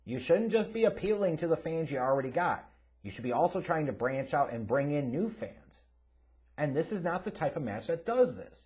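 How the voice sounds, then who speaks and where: A man hosting a wrestling review, ranting angrily and profanely, often building to shouts. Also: fairly high pitch, big pitch swings, a little fast. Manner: angry, profane, shouting ranter.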